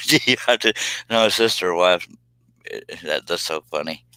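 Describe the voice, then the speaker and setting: A man talks to his live-stream viewers in a loose, joking way that keeps drifting into tangents. His voice sits a little low but has a bright, forceful edge. The sound is close and dry, with no room echo. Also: normal speed, clean tone. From United States. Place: home streaming space.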